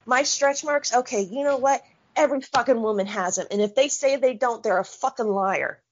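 A woman's voice: fairly high pitch, moderate pace, slight background noise. A woman in her thirties, co-hosting a podcast in casual chat, talking bluntly with lots of swearing and heated rants. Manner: blunt, profane, heated ranting. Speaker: podcast co-host. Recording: dull lo-fi sound.

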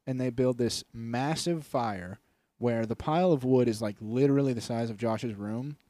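A young man on a podcast mic, talking at an ordinary pitch. He rambles through stories with crude jokes and lots of swearing. His voice is dry and close, with no room sound. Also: moderate pace, mellow, no echo. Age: young adult. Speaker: podcast co-host. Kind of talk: casual chat.

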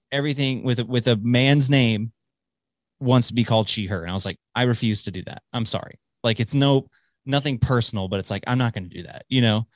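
A man's voice: medium pitch, dry recording. A man hosting a show, talking casually in a rambling way with lots of swearing and restarts, recorded close on a dry mic. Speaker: podcast host. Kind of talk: casual chat.

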